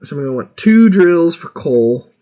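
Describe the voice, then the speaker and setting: A man streaming a video game, chatting casually and excitably while thinking aloud about what he is doing. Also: a little high, moderate pace, muffled recording. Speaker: gaming streamer.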